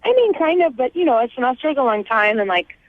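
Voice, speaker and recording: A chatty woman on a radio call-in, gushing and peppering her talk with "like". Her voice sits a bit high and comes through a thin phone line. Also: sing-song, fast, no echo. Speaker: radio caller. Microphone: telephone.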